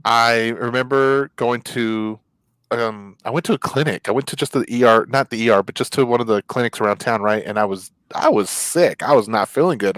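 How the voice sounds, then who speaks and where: A man's voice: medium pitch, smooth, no room sound, rough recording. Man telling a story on a talk show. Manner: animated storyteller acting out quoted dialogue. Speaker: co-host. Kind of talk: casual chat, personal storytelling.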